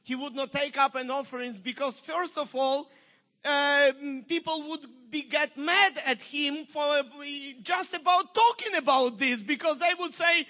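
A male pastor with a Ukrainian accent tells a story during a sermon. His voice is very high and strikingly bright. He preaches in an animated, emphatic way. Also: unhurried.

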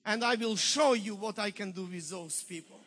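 A man's voice: sits high, normal speed, a bit bright, pitched below the performer's own voice. A man voicing God, speaking firmly and insistently to a pastor.

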